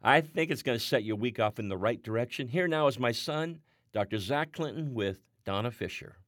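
A man's voice: medium pitch, expressive, a little fast, fairly bright tone, no room sound, studio quality. A man hosting a show, introducing a segment in a polished, upbeat way. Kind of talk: promotional introduction.

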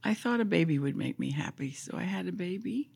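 A woman's voice: lowish voice, lively intonation, fairly quick, vocal fry, darkish tone, breathy edge. An older woman sharing her life story as an interview guest, emotional and at times dropping to a whisper. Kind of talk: personal testimony in an interview.

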